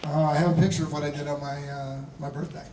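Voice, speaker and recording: A man in his fifties, a guest actor telling a casual anecdote to a convention audience, animated and chuckling, often restarting his sentences. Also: fairly high pitch, fast, a loud crowd. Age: 50s. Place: large convention hall panel. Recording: echoey hall audio from a distance.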